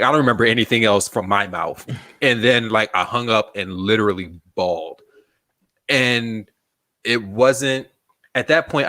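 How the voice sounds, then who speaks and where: Deep-voiced man telling a story. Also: pushed and bright, no room sound. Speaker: magazine founder, guest. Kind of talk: casual storytelling interview.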